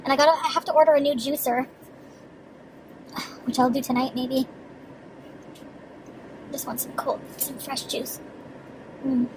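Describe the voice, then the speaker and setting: A woman's voice: sits high, fairly even intonation, measured pace, pauses often, background noise. A woman vlogging in a casual, rambling way, chatty and giggly, swearing freely as she talks. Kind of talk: casual rambling vlog chat.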